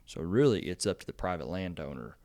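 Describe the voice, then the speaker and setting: A man with a fairly low voice hosts a casual agriculture podcast. He rambles through stories with plenty of "you know" and "um", and his voice lifts when he gets excited. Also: a little fast. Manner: rambling storyteller, lots of fillers, animated when excited. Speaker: extension agent podcast host.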